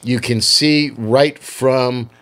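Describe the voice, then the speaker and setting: A man's voice: mid-range voice, fairly even intonation, drawn-out words, a bit bright. An older man co-hosting a podcast, chatting casually and slipping in dry quips. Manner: dry wisecracks, short agreeing replies. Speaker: podcast co-host. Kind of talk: casual chat.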